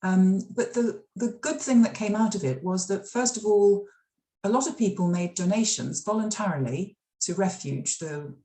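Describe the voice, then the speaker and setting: A woman's voice: medium pitch, moderate pace, mellow. A middle-aged woman from the UK, an author telling stories in a library interview, chatty, with lots of fillers and restarts. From United Kingdom. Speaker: author and former radio drama scriptwriter. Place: library event room. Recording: echoey room.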